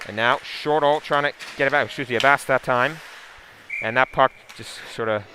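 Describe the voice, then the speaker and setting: A man giving a steady, running play-by-play call of a hockey game, with asides and sponsor plugs. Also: mid-range voice, normal speed, background noise. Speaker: play-by-play commentator. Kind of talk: live hockey play-by-play commentary.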